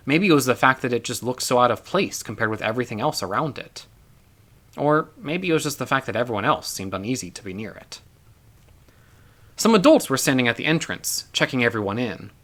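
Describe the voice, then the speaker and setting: Man reading a novel, animated. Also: medium pitch. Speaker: author reading his novel. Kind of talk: audiobook narration.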